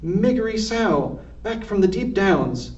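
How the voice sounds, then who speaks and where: A man doing a dim-witted shouting servant girl. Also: high-pitched, big pitch swings, slow, voice pushed up, exaggerated voice. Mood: loud. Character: dim-witted young serving girl, half-deaf. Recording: distant roomy lo-fi recording.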